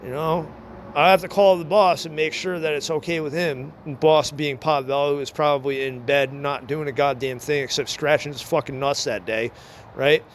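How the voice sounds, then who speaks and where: A former computer repair shop manager records a rambling, profane, aggrieved monologue. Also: male voice, on the high side, fairly even intonation, moderate pace, slight background noise.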